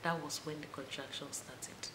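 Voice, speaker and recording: A young woman, telling a personal story to her viewers in a casual, animated way. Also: normal speed. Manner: animated retelling, voices rising high for quoted moments. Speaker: vlogger. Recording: echoey room with faint noise.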